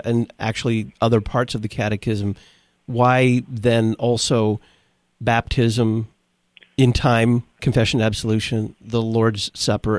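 A radio host from Texas leads a talk on theology. He shapes his questions with a steady, deliberate pace, and his voice is close and dry, with no room around it. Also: lowish voice, dry recording.

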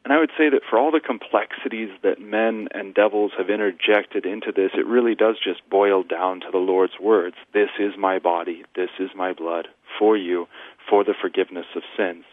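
A man with a fairly low voice talks like a pastor giving a sermon, driving points home with emphatic repetition. He comes through a thin, phone-like line that is dry, with no room around it. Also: fairly even intonation, normal speed, dry recording. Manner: emphatic, repeats phrases for rhetorical build-up. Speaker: Lutheran pastor, guest. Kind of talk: radio interview, preaching tone.

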